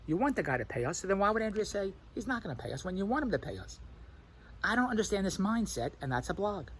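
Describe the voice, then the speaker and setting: A man in a rambling, animated vlog monologue who keeps imitating other people's voices as he tells his stories. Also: high-pitched, quick pace, slight background noise, low-quality recording. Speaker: vlogger. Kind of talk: rambling self-recorded monologue.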